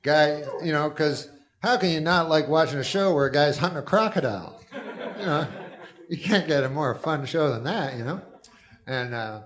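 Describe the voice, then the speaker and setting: A middle-aged man doing a deadpan stand-up routine, rambling with halting asides and trailing fillers. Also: on the high side. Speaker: stand-up comedian.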